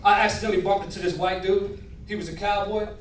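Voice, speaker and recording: Animated man doing stand-up in a roomy club. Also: sits high, fast talker, slight background noise. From northern United States. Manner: animated, switching voices, crowd work. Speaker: stand-up comedian. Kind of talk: stand-up comedy set. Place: comedy nightclub. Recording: roomy club from far, crowd.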